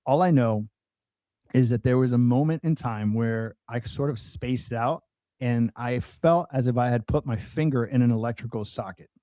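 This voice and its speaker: A man's voice: mid-range voice, normal speed, warm tone, no echo. A man, a podcast guest, earnestly telling a personal testimony in conversation, with many restarts and fillers.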